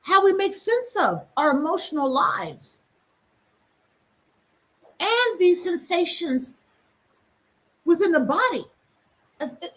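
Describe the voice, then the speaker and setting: A woman hosting a reflective teaching talk, speaking emphatically and acting out quick asides. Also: high-pitched, fairly bright tone. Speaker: host.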